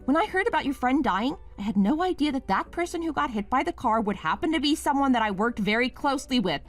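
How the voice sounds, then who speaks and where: A woman playing a young wife in a dramatized story, pleading and then accusing her partner. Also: high voice.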